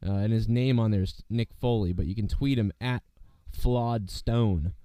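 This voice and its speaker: Hoarse man rambling on a podcast. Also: fairly low pitch, normal speed, warm tone, no echo. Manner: rambling, lots of fillers and swearing. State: hoarse, sick voice. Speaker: podcast host. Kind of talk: casual podcast chat.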